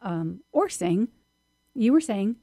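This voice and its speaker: A woman's voice: mid-range voice, sing-song, takes it slowly, mellow, dry recording, clean studio sound. A woman hosting a podcast interview, asking questions and laughing along with her guest. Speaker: podcast host. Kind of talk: casual interview chat.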